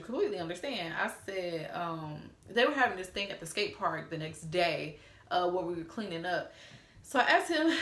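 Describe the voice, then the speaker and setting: A young woman from Atlanta, telling a story casually and reading out text messages in an animated way. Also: medium pitch, reverberant. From Atlanta, USA. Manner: animated, reads out texts in a playful drawl. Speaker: storytime vlogger.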